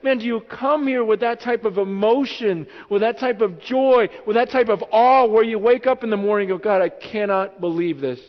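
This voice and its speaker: Man, pastor, animated sermon storytelling, long church reverb, muffled sound. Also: very high voice, normal speed, hardly any pauses. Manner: storytelling, animated, emotional build to shouting. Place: church sanctuary. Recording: dull echoey church hall.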